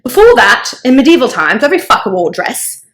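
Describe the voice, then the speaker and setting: A woman puts on a brash young male rock singer with a crude, blunt way of talking and a put-on accent. The voice sits a little higher than her own talk, and it comes out louder and punchier. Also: big pitch swings, fairly quick.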